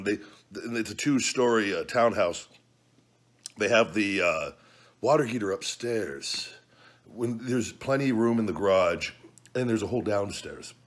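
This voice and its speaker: A man's voice: on the low side, fairly bright tone. A man hosting his own vlog, talking casually and loosely with joking, profane banter through a hot food challenge at home. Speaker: vlog host.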